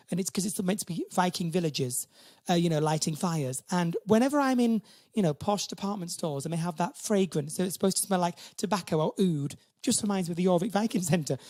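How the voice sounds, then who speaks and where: A drag performer from the North East of England, doing camp, self-mocking stand-up banter between songs. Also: male voice, sits high, dry recording, clean studio sound.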